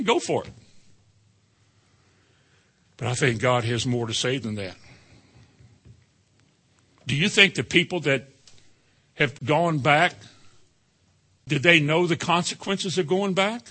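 A man preaching a sermon in a folksy, animated way, breaking into sudden high exclamations. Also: measured pace, pauses often, slightly rough. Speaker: pastor.

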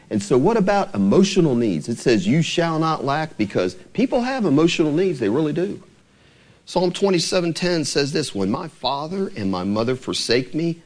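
A man delivers an earnest church sermon in a fairly high, very animated voice. His pitch swings up and down for emphasis, and he slows down deliberately whenever he quotes scripture. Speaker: preacher.

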